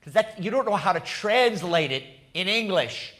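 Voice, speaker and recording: A man preaching as a pastor. He tells the story dramatically, falls to a low hush and then rises to loud bursts, laughs often and speaks directly to the congregation. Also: lively intonation, normal speed. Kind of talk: sermon.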